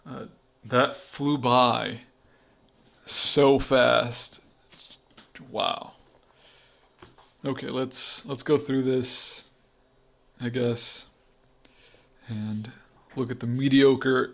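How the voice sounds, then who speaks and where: A man chatting in a casual vlog, excitable and quick to restart his sentences, with some swearing. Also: medium pitch, gravelly. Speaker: comic artist vlogger. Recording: faint guitar music behind.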